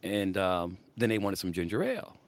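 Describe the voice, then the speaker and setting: An older man chatting on a faith podcast with a lively, swinging voice. He tells stories with gusto, laughs often and acts out other people's lines. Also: deep voice, moderate pace, no room sound. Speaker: podcast co-host. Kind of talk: casual faith podcast chat.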